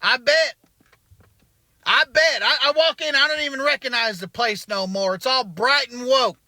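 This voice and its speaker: A man's voice: very high voice, normal speed, pushed and bright, no echo, heavily acted. A comedian playing an indignant man ranting about a restaurant. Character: angry Southern male restaurant regular. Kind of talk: comic monologue.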